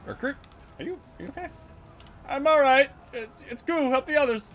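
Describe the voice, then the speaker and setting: A man's voice: extremely high pitch, normal speed, a bit bright, a little hiss or hum, pitched above the performer's own voice. A man voicing a meek, wounded male gargoyle who stammers that he is fine. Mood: sheepish. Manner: stammering, sheepish.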